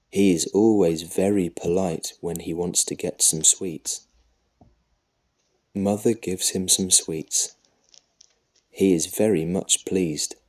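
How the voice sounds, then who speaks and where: A man narrating a children's storybook in a calm, measured way, as audio for an English lesson. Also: low-pitched.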